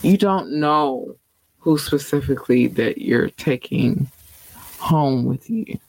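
A woman hosting her own podcast, talking casually in slang and giving affectionate shout-outs to her listeners. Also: rumbling low, expressive, takes it slowly, no echo, poor audio. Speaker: podcast host. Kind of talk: casual solo podcast chat.

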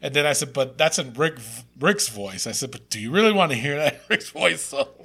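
Animated high-voiced man. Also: a little fast, creaky. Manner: animated, swears freely, laughs often. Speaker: podcast co-host. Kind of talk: casual chat.

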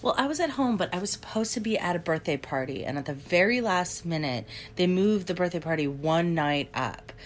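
Female guest, low voice, Valley-Canadian accent, conversational storytelling. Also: expressive, fairly quick, few pauses, a little hiss or hum. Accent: mix of Southern California Valley and Canadian. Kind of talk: first-hand account.

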